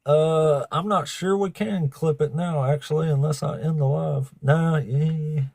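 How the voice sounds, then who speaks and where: A man's voice: fairly high pitch, fairly even intonation, measured pace, gravelly, darkish tone, no echo. A man hosting a livestream of debates, chatting casually with viewers, swearing freely and laughing often. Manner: profane, laughing, talks to chat.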